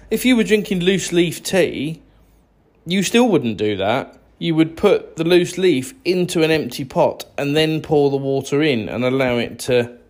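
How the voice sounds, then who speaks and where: A man's voice: a little high, a little mellow. A man with an English accent, ranting sarcastically and with exasperation to camera. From England. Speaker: vlogger.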